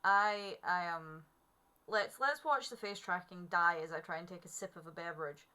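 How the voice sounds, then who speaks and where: A woman's voice: on the low side, moderate pace, bright, forceful tone, clean tone. A woman, chatting playfully to herself and the animals while streaming a game. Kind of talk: casual gameplay commentary. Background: background music.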